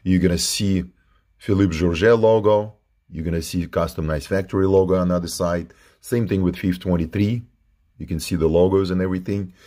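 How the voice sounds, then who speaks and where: Low-voiced man reviewing knives. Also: fairly even intonation, fairly quick, dark tone. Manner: informal, repeats himself while handling the knife. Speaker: knife reviewer. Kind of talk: casual product review.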